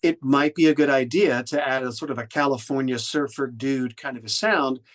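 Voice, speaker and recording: A man from Oklahoma, USA, offers thoughtful, conversational feedback drawn from his work as an audiobook narrator and director, restarting frequently and using fillers. He speaks at medium pitch with fairly even intonation and a normal speed.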